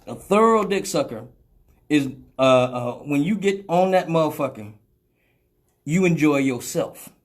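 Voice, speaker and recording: A woman's voice: low-pitched, lively intonation, measured pace. Brash, profane woman hosting a live show. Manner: profane, blunt and rambling; laughs often and acts out quoted voices. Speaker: radio show host. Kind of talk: live call-in radio talk.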